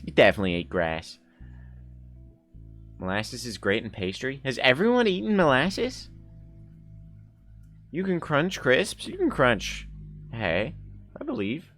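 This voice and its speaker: A man's voice: medium pitch, a bit bright. Playful rambling male streamer. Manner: playful, rambling, quick to laugh and argue jokingly. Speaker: live streamer. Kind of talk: casual chat reacting to viewer chat.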